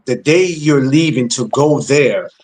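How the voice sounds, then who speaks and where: Podcast host, relaxed probing questions, casual chat. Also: male voice, mid-range voice, unhurried, a little hiss or hum.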